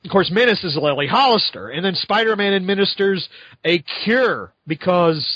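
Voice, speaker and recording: A man's voice: sits high, lively intonation, normal speed, fairly bright tone, no echo, lo-fi sound. A man hosting a podcast, reviewing a comic book in a rambling, sarcastic way and laughing often. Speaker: podcast host.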